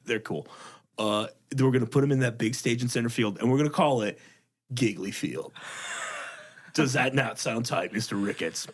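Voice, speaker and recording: A young adult man hosting a comedy podcast, telling stories with animated, mock-outraged jokes. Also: medium pitch, normal speed. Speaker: podcast host.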